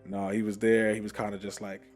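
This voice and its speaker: A man hosting a podcast, telling a story in an animated, casual way, with frequent laughs and many fillers. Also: lowish voice, a little fast, soft background music. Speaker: podcast host.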